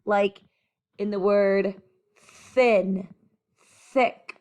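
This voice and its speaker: Slow-talking woman teaching phonics. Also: mid-range voice, steady tone, a little mellow. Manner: slow, clear, encouraging teacher talk, modelling sounds. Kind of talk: children's phonics lesson.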